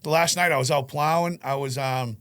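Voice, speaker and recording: A man telling profane stories in a relaxed group chat. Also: a little high, brisk, smooth. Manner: profane, animated storyteller. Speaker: podcast guest. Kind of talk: casual storytelling chat.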